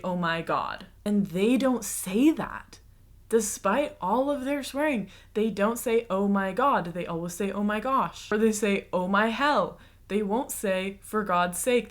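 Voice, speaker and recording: In this reaction video, an American woman provides casual commentary that is chatty, explanatory and lightly sarcastic. Her voice is medium-pitched and fairly bright.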